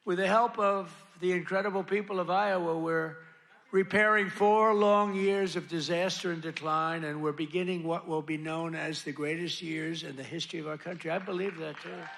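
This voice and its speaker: A man's voice: on the high side, steady tone, moderate pace, vocal fry, a bit bright, slight background noise. A man giving a boastful, rambling, repetitive rally speech at a podium microphone. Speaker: political speaker at a rally. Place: large rally venue.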